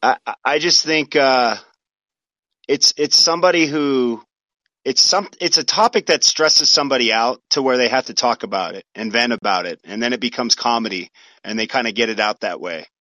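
Comedian guy on a podcast, bright sharp voice, keeps restarting his sentences. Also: mid-range voice, no echo. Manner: halting, restarts sentences, laid back. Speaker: guest comedian and commentator. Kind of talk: casual podcast chat.

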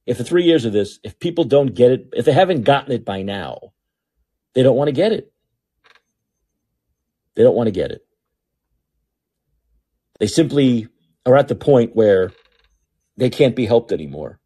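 Male podcast host, husky and mellow, lively sarcastic monologue with loud peaks and mumbled asides. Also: mid-range voice, normal speed, pauses often. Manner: sarcastic, animated, swings from loud outbursts to muttering asides. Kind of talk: opinionated monologue. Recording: talking alone at home.

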